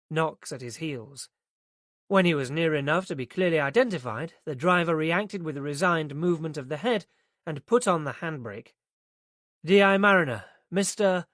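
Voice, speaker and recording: A man narrates a crime thriller audiobook at a steady pace. His voice sits a little on the high side, and the studio sound is close and dry with no room echo. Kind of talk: scripted narration.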